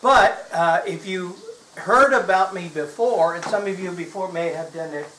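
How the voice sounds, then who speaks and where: A man's voice: sits high, normal speed, sharp tone, a little hiss or hum. A man from Texas doing chatty, joking stage patter as a magician, often asking his audience questions. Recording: roomy live hall sound.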